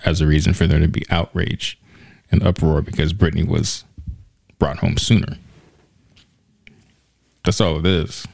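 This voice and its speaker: A man's voice: very deep voice, fairly even intonation, a little slow, vocal fry, long pauses, darkish tone, dry recording. A man co-hosting a casual chat, laid-back and joking, often cutting in with short remarks.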